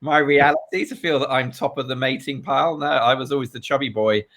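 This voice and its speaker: A British man, a guest in a casual live interview, relaxed and self-deprecating, who laughs easily. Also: mid-range voice, brisk. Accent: British English. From United Kingdom.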